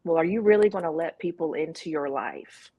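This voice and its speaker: A woman's voice: sits low, brisk, warm tone, husky. A woman with a Southern US accent, a guest in an interview, talking candidly and quoting her own inner thoughts. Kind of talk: casual interview talk.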